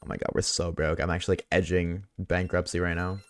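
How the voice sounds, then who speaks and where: A man streaming a game live, chatting loosely with viewers at a desk mic, swearing often and swinging between a high put-on tone and his lower everyday voice. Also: flat delivery, fast talker. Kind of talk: casual live-stream chat while gaming. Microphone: desk microphone.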